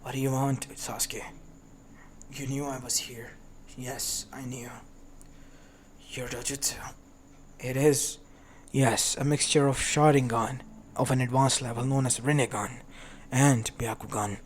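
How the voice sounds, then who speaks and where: Cold young male ninja, voiced by a man, quiet, icy, slow delivery. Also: mid-range voice, steady tone, slight background noise, close to an everyday voice.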